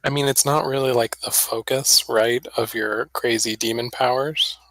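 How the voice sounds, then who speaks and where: A man's voice: medium pitch, fairly even intonation, a bit bright, no echo, poor audio. A man playing a tabletop game in casual chat, hesitant and full of fillers. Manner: hesitant, filler-heavy, slow. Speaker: player.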